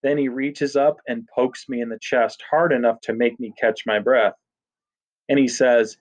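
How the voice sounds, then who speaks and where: A man's voice: mid-range voice, fairly even intonation, unhurried. A man narrating a story in a casual first-person voice. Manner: casual teenage-boy first-person telling. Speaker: audiobook narrator. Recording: dull lo-fi recording.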